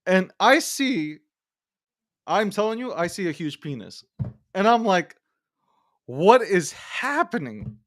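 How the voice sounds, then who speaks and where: A man hosting a casual podcast, telling stories in an animated, profane, laughing way. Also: high voice, a little slow, long pauses, no echo, clean studio sound. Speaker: host.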